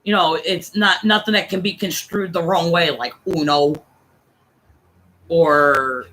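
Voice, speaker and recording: Bright-voiced woman telling rambling stories. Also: fairly low pitch, slow, a little hiss or hum, rough recording. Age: 40s. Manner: profane, animated, acts out quoted voices. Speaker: streamer. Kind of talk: casual storytelling chat.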